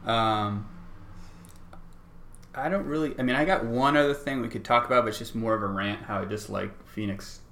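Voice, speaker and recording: A man's voice: mid-range voice, moderate pace, sharp tone. A man co-hosting a casual podcast, teasing his friend in a rambling way. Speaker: podcast co-host. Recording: roomy echo.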